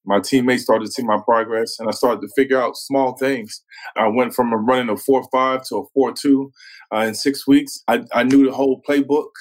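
A man's voice: medium pitch, steady tone, moderate pace, rough recording. A former pro football player as a podcast guest, laid-back and casual, often saying "man" and acting out what others said. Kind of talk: casual interview storytelling.

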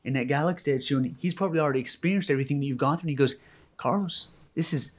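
A man's voice: mid-range voice, rapid-fire. A man hosting a podcast, earnest and motivational, acting out quotes in his stories. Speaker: podcast host. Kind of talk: casual podcast chat.

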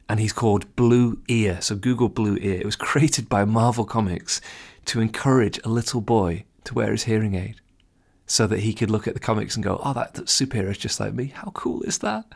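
A man with a low, gravelly voice hosts a podcast, talking straight to his listeners. His advice comes across earnest and encouraging. At times he softens his tone to show how gentle phrasing sounds. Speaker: podcast host. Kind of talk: casual advice monologue.

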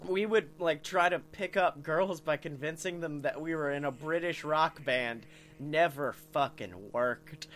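A man co-hosting a casual podcast, with a high, bright voice. He tells rowdy stories with big swings of energy, swearing freely and breaking into laughter. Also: a little slow. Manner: animated storyteller, swearing, laughing often. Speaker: podcast co-host.

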